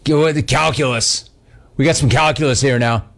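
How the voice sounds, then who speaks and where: A man's voice: mid-range voice, moderate pace, gravelly, fairly bright tone. A man hosting a talk radio show, taking callers with brash, teasing banter.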